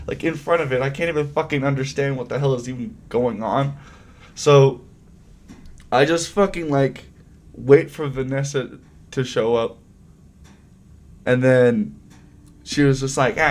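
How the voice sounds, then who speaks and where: A man's voice: mid-range voice, darkish tone. A young man telling a rambling work story on a livestream, full of swearing and filler words. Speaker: streamer.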